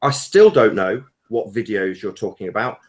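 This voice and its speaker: A man's voice: lowish voice, animated, normal speed, a little mellow. A man talking bluntly on an online group call, then owning his faults in an apologetic tone. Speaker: guest video maker.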